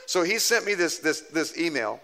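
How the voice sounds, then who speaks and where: A man's voice: fairly high pitch, moderate pace. A middle-aged man preaching a sermon, telling a story with humor and acting out the people in it. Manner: animated, self-mocking storyteller who acts out quoted people. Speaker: pastor.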